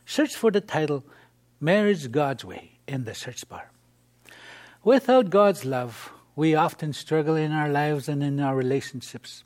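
Man, host, earnest and inviting, somewhat high voice, Christian broadcast. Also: lively intonation, a little slow, darkish tone.

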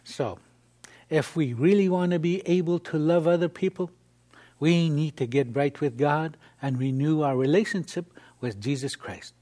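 An earnest man hosts a Christian broadcast, thanking his guests and inviting listeners to reach out. His voice sits a bit high for a man. He slows down when he quotes scripture. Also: warm tone. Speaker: host.

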